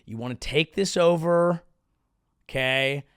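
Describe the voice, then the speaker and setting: Hosting his own show, a thirtysomething comedian meanders through a crude monologue at his own expense. He speaks slowly in a smooth, somewhat bright, higher-pitched voice, with studio-quality sound and no room ambience.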